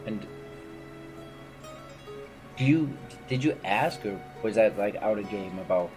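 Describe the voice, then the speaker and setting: Man, tabletop player, halting, low voice, guitar music behind. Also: animated. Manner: halting, describes actions step by step. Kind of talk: tabletop game play.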